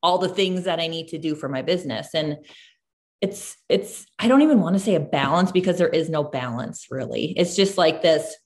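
A woman's voice: low voice, moderate pace. A woman in her thirties, a mom and business owner, chatting casually as a podcast host and filling her talk with "like". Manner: chatty, lots of "like" fillers, animated storytelling. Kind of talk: casual conversational chat.

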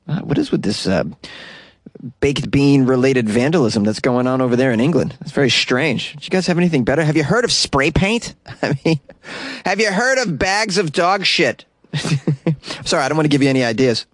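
A man's voice: medium pitch, lively intonation, fairly quick, no echo, clean studio sound. A man hosting a podcast, riffing on odd news stories in a wisecracking way and chuckling often. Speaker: podcast host. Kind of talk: comedic news commentary.

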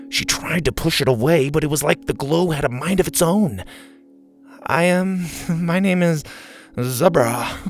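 A man reading a children's story aloud in expressive, scripted narration. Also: mid-range voice. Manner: expressive, varied delivery.

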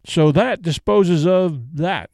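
A brisk, composed elderly lady who is practical and decisive even in grief, read by a male storyteller. The voice sits a little high and sounds close and dry. It could come from an audiobook. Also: gravelly, dry recording.

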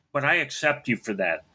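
A middle-aged man tells a personal story in a bright, forceful voice. He speaks bluntly and keeps clearing his throat between phrases. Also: mid-range voice.

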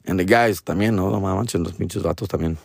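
A man in his forties rambles through a casual, profane monologue, his voice worn hoarse and raspy. His voice sits on the low side, he mixes in Spanish slang, and he keeps tacking "fool" onto his lines. The recording is dry, with no room sound. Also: fairly quick, no room sound. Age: 40s. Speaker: comedian.

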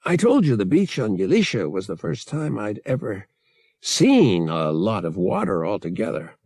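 A man voicing a cocky, easygoing young male pilot in an audiobook, speaking in a smug, low voice. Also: moderate pace, vocal fry, slightly rough, dry recording, studio quality, heavily acted. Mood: sheepish. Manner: smug, relaxed, low delivery.

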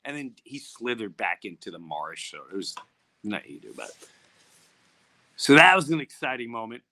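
Talking a little fast but with long pauses, a middle-aged man in a mid-range voice hosts a podcast and recounts a story casually. He gets animated, performing the quoted voices of the characters.

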